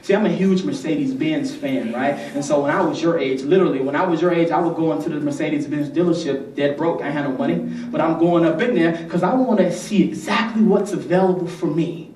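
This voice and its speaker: High-voiced man rallying a hall. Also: a little fast, hardly any pauses. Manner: energetic, rhythmic, rallies the crowd. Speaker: youth motivational speaker. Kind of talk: motivational speech with call-and-response. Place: large conference hall. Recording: echoey hall from far off.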